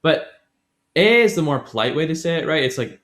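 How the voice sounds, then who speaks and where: A man's voice: on the high side, animated, fairly quick, fairly bright tone. A man co-hosting a casual podcast, chatting his way through a language grammar lesson and often correcting himself mid-sentence. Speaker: podcast co-host.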